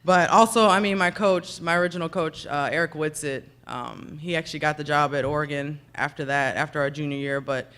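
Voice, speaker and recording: A woman's voice: sits low, fairly even intonation, a little fast, hardly any pauses, fairly bright tone. A woman in her thirties giving a rambling, chatty, self-deprecating acceptance speech at a ceremony breakfast, thanking people by name at a podium microphone. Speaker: hall of fame inductee giving a speech. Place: ceremony breakfast in a banquet room.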